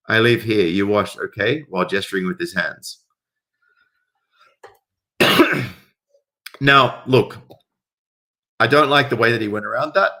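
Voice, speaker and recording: A man reading viewer stories aloud and reacting with casual, profane rants that swing between calm reading and loud outbursts. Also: lowish voice. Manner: swearing, rants loudly in bursts. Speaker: commentary host reading stories.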